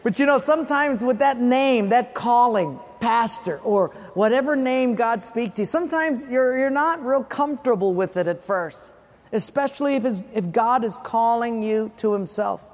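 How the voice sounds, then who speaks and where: A man's voice: very high-pitched, lively intonation, moderate pace. Man, pastor, from Hawaii, earnest sermon storytelling, repeats for emphasis, echoey hall. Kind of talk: sermon with personal stories.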